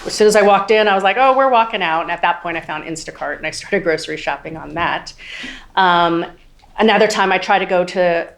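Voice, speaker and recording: A woman's voice: fairly low pitch, fairly quick, vocal fry, fairly bright tone. A woman in her forties giving courtroom testimony as a witness, hesitant and full of ums, near tears at times. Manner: hesitant, many ums, quotes others. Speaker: trial witness.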